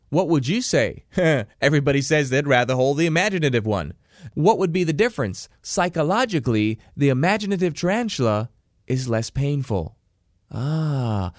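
A man teaches a motivational self-help lesson, his voice sitting a little high. He keeps quizzing the listener with questions in an animated way. The recording is dry and close, with no room sound. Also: no echo.

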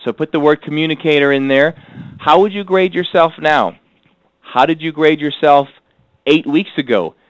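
A man's voice: fairly high pitch, dry recording, low-quality recording. Man teaching a workbook lesson. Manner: repeats key phrases slowly for note-taking. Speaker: course instructor.

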